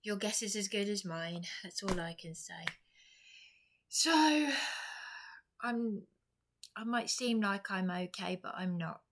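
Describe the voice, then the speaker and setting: A woman's voice: medium pitch, expressive, slow, pauses often. An exhausted woman vlogger talking in a rambling personal monologue, repeating herself, restarting and dropping to whispers.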